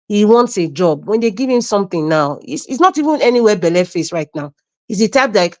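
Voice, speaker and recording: A woman's voice: mid-range voice, expressive, brisk. A Nigerian woman, a guest on a live-stream panel, giving emphatic and mocking political commentary and repeating her points.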